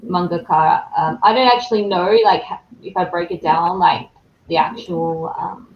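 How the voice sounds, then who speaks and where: A woman with a fairly low voice explains things in a friendly way during a casual chat. Her sound is roomy and dull, with clear noise beneath it. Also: normal speed. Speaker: guest artist. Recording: echoey, dull, noisy.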